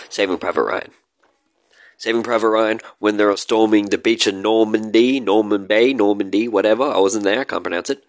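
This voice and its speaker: Deep-voiced dude rambling and joking about movies, dry close sound. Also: male voice, steady tone, moderate pace, dry recording. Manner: joking, rambling, with loud shouted bits and laughs. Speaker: movie vlogger. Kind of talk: casual rambling talk to camera.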